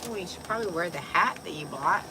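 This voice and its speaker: A young woman with a raspy voice, tipsy and chatting casually on a livestream, loose, giggly and swearing. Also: fairly low pitch, expressive, fast talker, noisy background. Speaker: vlogger.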